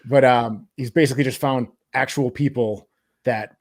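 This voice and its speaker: A man co-hosting a horror movie review podcast, telling his opinions in relaxed, conversational chat. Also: medium pitch, unhurried, no room sound. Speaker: podcast co-host.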